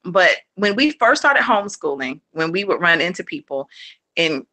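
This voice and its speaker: Bright, chatty homeschooling mom. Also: female voice, fairly low pitch. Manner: rambling and animated, full of fillers, restarts and quick laughs; acts out her kids' lines in a raised voice. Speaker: homeschooling mother, podcast guest. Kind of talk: casual interview chat.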